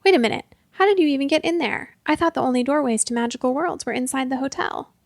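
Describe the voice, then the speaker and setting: A woman's voice: high voice, fast talker, gravelly, no room sound, clean studio sound. A woman voicing an earnest, tired young man who looks after a hotel, a bit defensive when pushed.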